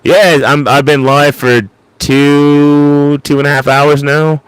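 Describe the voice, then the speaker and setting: A man's voice: on the high side, little pitch movement, takes it slowly, clear, resonant tone, no room sound. A man hosting a casual late-night livestream into an ASMR microphone, rambling and stammering as he repeats words. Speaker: livestream host.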